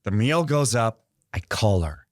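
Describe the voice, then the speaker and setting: A man with a low voice tells his stories earnestly to his interviewers. His delivery is sincere and warm in intent, and he talks close to the mic. The sound is dry, with no room around him. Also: very animated, normal speed, no room sound. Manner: earnest storyteller. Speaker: guest artist. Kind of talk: interview conversation.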